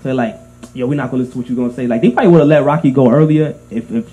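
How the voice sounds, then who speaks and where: Male co-host, rapid and very mellow, filler-heavy casual chat over a faint hum. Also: mid-range voice, faint music behind. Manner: rapid talk with many fillers. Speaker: podcast co-host.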